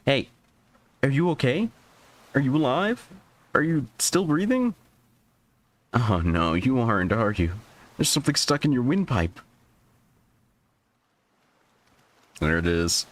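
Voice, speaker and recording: A man voicing a gentle, anxious young woman who talks herself down and gushes with relief, read aloud from a game's dialogue. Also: mid-range voice, sing-song, unhurried, pauses often, voice pushed up. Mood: worried. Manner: fretful, self-deprecating, breathless gratitude. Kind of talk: reading visual novel dialogue aloud.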